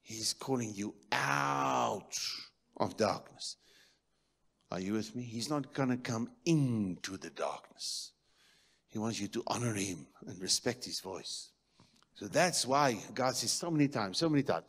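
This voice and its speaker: A man preaching a sermon in a church, moving between loud declarations and quiet murmurs. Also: mid-range voice, animated, unhurried, vocal fry, slightly rough. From South Africa. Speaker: pastor.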